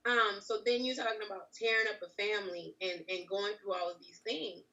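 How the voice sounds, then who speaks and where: A woman sharing a personal testimony in casual chat, animated and quick to laugh. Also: mid-range voice, distant mic, lo-fi sound. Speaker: podcast host.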